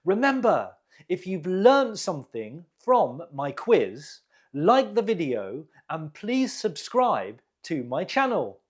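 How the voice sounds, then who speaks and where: Slow, deliberate English teacher man. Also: sits high, huge pitch swings, breathy edge. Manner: slow, deliberate model pronunciation. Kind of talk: quiz lesson.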